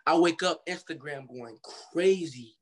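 A young man from Cincinnati tells his story in a loose, slangy way, acting out the voices of the people he quotes. His voice sits a little on the higher side. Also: unhurried. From Cincinnati, Ohio. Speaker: guest artist. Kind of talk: casual storytelling interview.

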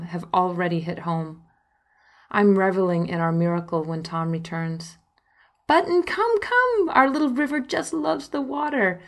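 A young woman reading her own memoir aloud, telling her story in an intimate first-person way, with emotional quoted lines. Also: on the low side. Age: young adult. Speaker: narrator and author of a memoir. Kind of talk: audiobook memoir narration.

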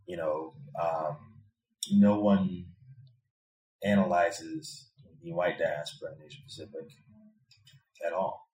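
This deep-voiced guest, a Chicago native now based in Thailand, speaks with a flat, mellow delivery, moving slowly and pausing often. Recorded in an echoing room in Bangkok, the reflective interview finds him repeating words thoughtfully as he builds each point.

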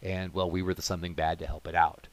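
A man casually telling a funny story about his tabletop game character, animated, with comic asides. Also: deep voice, fast.

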